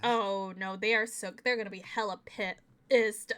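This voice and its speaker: A woman streamer with the hiccups, playing through a game and reading its dialogue aloud in an animated way. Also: mid-range voice, measured pace, smooth. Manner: animated, laughing, swings from mumbled reading to loud outbursts. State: has the hiccups.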